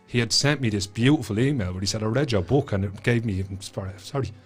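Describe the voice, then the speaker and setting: Over soft background music, a man with a Dublin Irish accent narrates quickly in a fairly low, husky voice. He's a guest author whose animated storytelling is peppered with swearing and impersonations of the characters.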